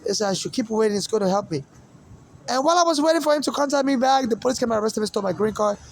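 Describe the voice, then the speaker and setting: Man, from Nigeria, mixed Nigerian-American accent, very high voice, gravelly, rambling repetitive monologue. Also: lively intonation, racing, slight background noise, rough recording. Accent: mixed Nigerian and American English. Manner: repetitive, circling back to the same points.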